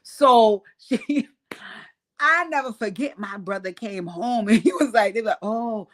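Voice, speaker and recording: A middle-aged woman spins stories for her audience, swearing freely and breaking into laughter. Her voice sits a little high for a woman. She talks loose and animated, like a host chatting with regulars. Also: a little slow. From New York. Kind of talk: casual storytelling to a live audience.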